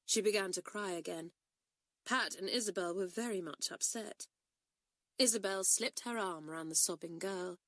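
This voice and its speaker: A woman narrates an audiobook with expressive storytelling, her voice medium in pitch and her pace normal. The studio-quality recording has no room sound.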